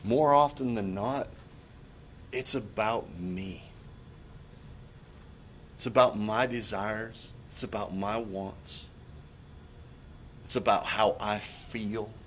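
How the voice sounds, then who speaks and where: Earnest, halting man preaching. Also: on the low side, a little hiss or hum. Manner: earnest, confessional, halting with repeated restarts. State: choked up. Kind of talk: sermon.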